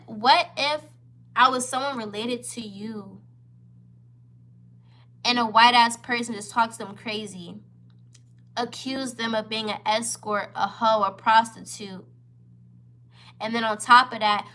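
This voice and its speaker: A woman's voice: a little high, fairly even intonation, a little slow, long pauses, pushed and bright. A woman in her twenties, a vlogger telling a heated, profane storytime to camera, upset and near tears. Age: 20s. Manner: heated, profane, emphatic retelling.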